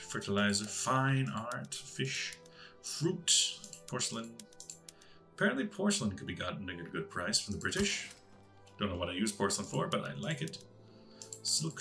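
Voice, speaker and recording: A gaming channel host thinks aloud while playing a strategy game, musing to himself as he clicks through menus. His voice is lowish, bright and forceful.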